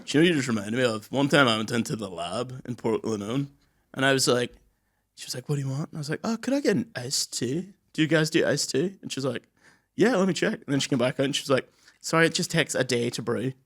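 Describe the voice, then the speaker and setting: A man's voice: medium pitch, fast, a bit bright. A young man, telling stories on a podcast with lots of swearing and acted-out quotes. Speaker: podcast co-host. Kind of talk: casual chat.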